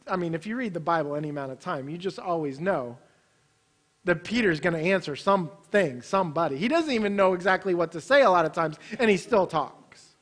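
A man preaching a sermon, swinging from loud, emphatic bursts to hushed, quiet passages. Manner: animated, swings between loud emphasis and hushed low delivery.

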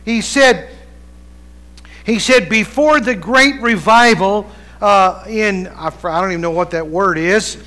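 A middle-aged pastor preaching with a high, ringing voice. He rises to loud, stretched-out calls and then drops to a low, easy storytelling tone. The timbre is bright and forceful throughout. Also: measured pace, poor audio. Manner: swings between loud preaching and quiet storytelling. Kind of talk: sermon.

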